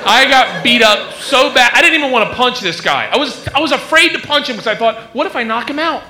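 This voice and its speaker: A man doing stand-up, telling an animated story and acting out sound effects. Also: extremely high pitch, brisk. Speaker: stand-up comedian. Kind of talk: stand-up set. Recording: live club with crowd noise.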